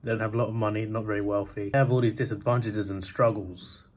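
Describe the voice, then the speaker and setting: A man's voice: fairly low pitch, flat delivery, fast. A young man rambling casually through a movie review vlog, laughing as he talks. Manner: chatty, rambling, laughs often. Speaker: movie vlogger. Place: outdoors and in a cinema. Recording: noisy outdoor phone recording. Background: wind and traffic.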